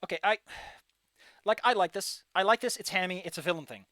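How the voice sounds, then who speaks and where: A man streaming a game, giving casual, animated commentary and ranting with frequent swearing. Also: sits high, a little fast, slight background noise. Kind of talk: casual let's-play commentary.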